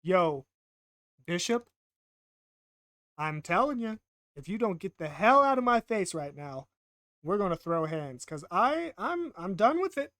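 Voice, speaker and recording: A man's voice: sits high, very animated, a little slow, long pauses, fairly bright tone, no echo, studio quality, full character voice. A man voicing a fed-up male Renaissance painter who rants in an exasperated voice. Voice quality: exasperated, ranting.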